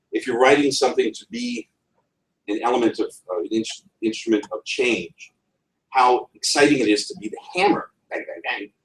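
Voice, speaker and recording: A man with a New England accent gives a conference talk on writing, and his pitch swings up and down with lively energy. He wanders off on wry asides and restarts his phrases. He sounds distant from the mic, with the echo of a roomy session room around him. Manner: digressive, wry, with frequent ums and restarts. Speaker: conference speaker.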